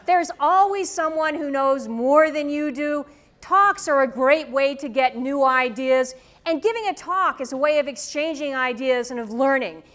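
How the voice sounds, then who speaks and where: In a lecture room, a woman professor teaches her students in a firm, direct way, frequently checking in with "okay?" Her voice is high-pitched, expressive and fairly bright, at a moderate pace. She's using a tethered microphone.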